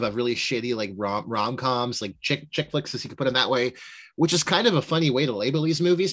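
A man hosting a movie podcast, talking casually and quickly, swearing freely and joking with his co-host. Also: mid-range voice, a bit bright. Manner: fast, swears, laughs along.

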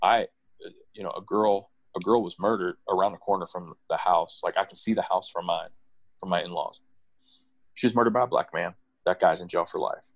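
A middle-aged man from the United States telling personal stories in casual conversation, animated and often repeating or restarting words. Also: a little fast, dry recording. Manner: animated, acts out quoted voices with jumps in pitch.

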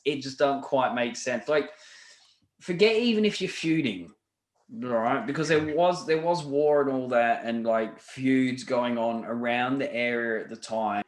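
A man chatting loosely on a podcast, rambling through restarts and fillers and swearing freely. His voice sits at a middling pitch. The room around him sounds roomy and echoey. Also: a little slow. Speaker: podcast co-host. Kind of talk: casual podcast chat. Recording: roomy echo.

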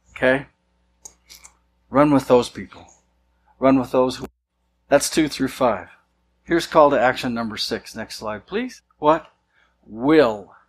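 A man's voice: mid-range voice, slightly rough, rough recording. Conversational man preaching a sermon. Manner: conversational preaching, acts out quoted voices. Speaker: pastor.

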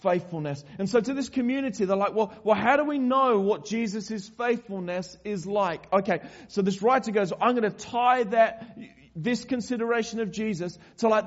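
Animated high-voiced preacher man. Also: lo-fi sound. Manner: animated, conversational preaching with frequent asides and repetitions. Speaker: pastor. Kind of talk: sermon.

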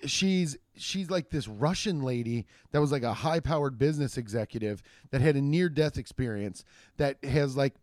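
A man hosting his own comedy podcast alone, rambling in a casual, profane, jokey way with quick asides and restarts. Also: mid-range voice, a little mellow, dry recording, clean studio sound. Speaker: podcast host and stand-up comedian. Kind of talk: casual solo podcast monologue.

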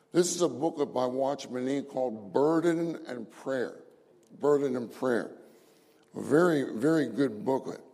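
A man preaching slowly with a gravelly edge, echoing phrases again and again for weight. His voice rings with long reverb in a meeting hall. He reads out scripture with rising force. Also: mid-range voice, darkish tone. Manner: slow, repeats phrases for emphasis, calls out scripture. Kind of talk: sermon.

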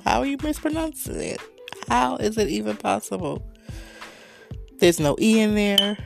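A woman hosting her own show, telling a story in a sarcastic, animated rant with frequent swearing. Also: medium pitch, creaky. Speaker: podcast host. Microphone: desk microphone.

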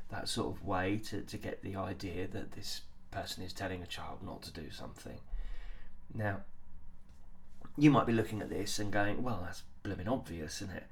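A man giving a drama lesson, talking haltingly with many ums and restarts. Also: lowish voice. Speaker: acting teacher.

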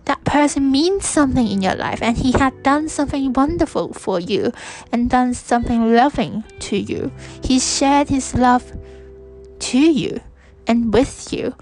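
A young woman from Hong Kong talks through a personal reflection in a soft, hesitant way, often stopping and restarting. Her voice sits a little high and she speaks slowly. Faint music plays underneath. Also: low-quality recording. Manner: soft-spoken, hesitant, with frequent restarts and fillers. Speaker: podcast host.

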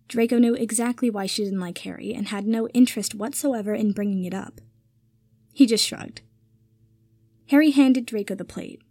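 A woman hosting a fan fiction reading, telling the story in an even, clear way. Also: medium pitch, normal speed, no echo.

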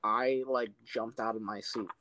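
A young man co-hosting a casual podcast, talking in an animated way, swearing freely and saying "like" a lot. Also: lowish voice, a little slow, a little hiss or hum, rough recording. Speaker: podcast co-host. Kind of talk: casual chat.

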